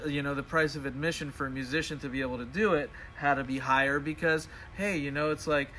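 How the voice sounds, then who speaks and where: A man's voice: fairly high pitch, fairly even intonation, quick pace, bright, forceful tone, a little hiss or hum. A man who is a studio musician and producer, talking in a laid-back, rambling way in a casual interview.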